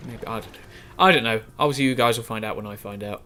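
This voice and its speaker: A man's voice: medium pitch, fast, pushed and bright, a little hiss or hum. Rambling young man playing a game. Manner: rambling, self-correcting, chatty. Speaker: gaming YouTuber. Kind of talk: casual let's-play commentary.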